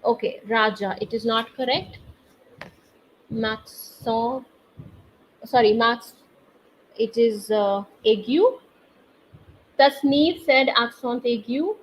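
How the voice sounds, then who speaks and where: A woman teaching a live online French class, explaining accents slowly and quizzing her students through the chat. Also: fairly high pitch. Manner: slow, patient, quizzes students via chat. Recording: slightly dull online class audio with faint noise.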